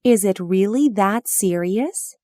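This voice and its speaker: Woman reading practice phrases, very slow, bright up-and-down lilt, close dry sound. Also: medium pitch, expressive, no room sound. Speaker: phrase reader.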